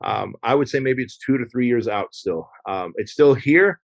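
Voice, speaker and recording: Guy on a podcast, mid pitch, dry close sound, talks emphatic and casual, swears a bit. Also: animated, normal speed, gravelly, no echo. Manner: emphatic, acts out quoted dialogue, casual swearing. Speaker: podcast guest. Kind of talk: casual conversational interview.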